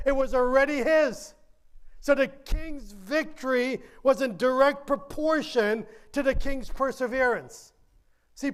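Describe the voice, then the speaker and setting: A man preaching a sermon as pastor, earnest and driving, with repeated questions and drawn-out lines. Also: very high voice.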